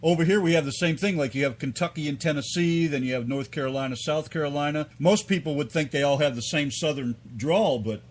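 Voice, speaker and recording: Male co-host, higher voice. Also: a little fast, hardly any pauses, a little hiss or hum. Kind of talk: casual podcast chat.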